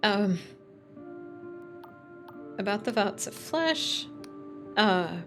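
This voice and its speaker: A young woman streaming a video game, chatting casually in a playful, giggly, expressive way and swearing now and then. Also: mid-range voice, very slow, soft background music.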